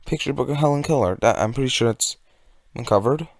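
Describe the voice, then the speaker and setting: A man's voice: mid-range voice, brisk, creaky, no echo. A young man from California giving a sarcastic, rambling commentary rant. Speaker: video commentator. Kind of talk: ranting commentary.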